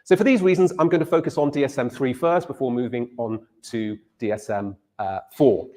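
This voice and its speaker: A man's voice: mid-range voice, fairly quick, a little mellow. A male university lecturer giving a lecture and telling a story, repeating words as he starts his phrases.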